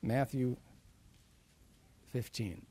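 A man preaching a sermon. He reads scripture in old-style wording, then retells it in plain, casual words with dramatic swings between loud and soft. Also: medium pitch, steady tone, extremely slow.

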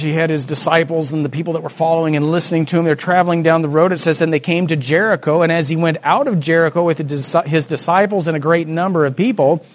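A man preaching a sermon, acting out the voices of the Bible story with dramatic swings from soft to loud. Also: on the high side.

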